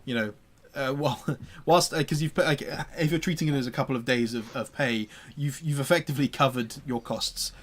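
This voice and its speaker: A man narrating as game master of a tabletop game, with frequent restarts and fillers. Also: medium pitch. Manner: halting, many restarts and fillers.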